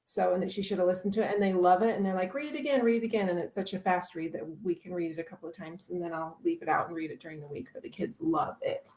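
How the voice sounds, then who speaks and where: A woman who teaches kindergarten, retelling a picture book with lively energy and lots of "like" over a video call. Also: fairly low pitch, fast, hardly any pauses, slight background noise, low-quality recording. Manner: animated retelling with many "like"s. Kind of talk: casual sharing in a class discussion.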